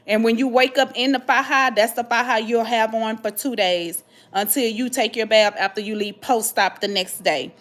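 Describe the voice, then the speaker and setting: High-voiced woman chatting with slang. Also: moderate pace. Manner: animated, dramatic retelling with slangy asides. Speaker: vlog host answering viewer questions. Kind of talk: casual chat reading comments.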